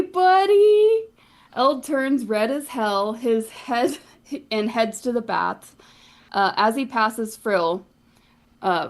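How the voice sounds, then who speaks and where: Woman casually recapping a tabletop game. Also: mid-range voice. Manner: casual, wry, laughs and swears.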